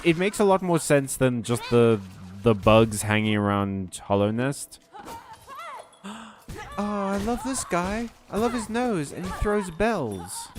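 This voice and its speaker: A man's voice: mid-range voice, darkish tone. A man giving casual, profane, joking commentary while playing a game. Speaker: game streamer. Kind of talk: let's play commentary.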